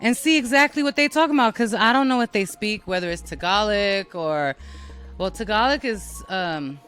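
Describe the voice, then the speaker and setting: New York woman host, rambling and foul-mouthed, with a bright, forceful voice and faint music underneath. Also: medium pitch, animated, moderate pace. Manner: blunt, profane, rambling. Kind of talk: casual monologue.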